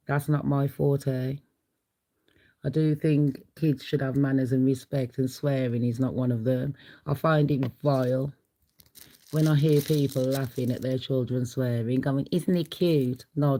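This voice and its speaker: A woman's voice: a bass voice, warm tone, rough recording. A middle-aged woman hosting a casual livestream, chatty and blunt, laughing often. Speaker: livestream host.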